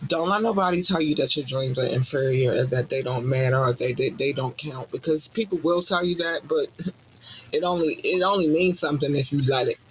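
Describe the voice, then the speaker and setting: A man talks in a slightly high voice, loose and profane, preaching like a mock sermon. Quiet noise hums behind him. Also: brisk, rough recording. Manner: profane, animated, preachy asides. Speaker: podcast host. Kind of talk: casual rant with mock sermon.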